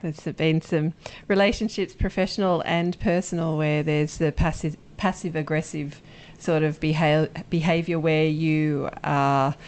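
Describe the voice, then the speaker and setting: A woman's voice: sits low, steady tone, unhurried, darkish tone. A woman co-hosting a podcast, asking questions and chiming in with short agreements in casual chat. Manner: asks prompting questions and chimes in with short agreements. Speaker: podcast co-host. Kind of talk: casual conversational interview.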